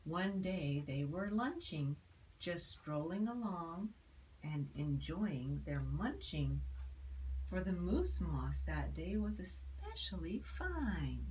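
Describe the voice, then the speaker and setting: An older woman reading a rhyming picture book aloud, expressive, with asides to a child. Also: fairly low pitch, far from the mic, a little hiss or hum, poor audio. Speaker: storyteller.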